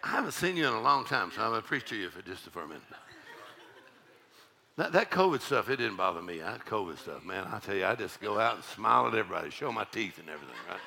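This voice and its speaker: A man preaching a church sermon, swinging from fiery shouted exhortation to folksy, laughing storytelling. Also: lowish voice, big pitch swings, fast, gravelly. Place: church service.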